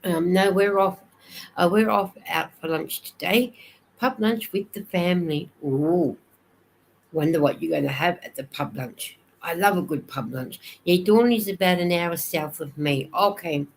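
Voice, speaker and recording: A woman's voice: lowish voice, unhurried, gravelly, slight background noise, poor audio. An Australian woman chatting casually on a live stream, reading viewers' comments aloud and answering them as she goes.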